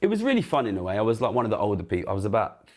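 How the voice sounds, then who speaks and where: A man's voice: on the low side, huge pitch swings, racing. A man in his thirties telling his own story candidly, rambling and self-deprecating, with casual swearing. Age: 30s. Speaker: interview guest in a played clip. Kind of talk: candid recollection.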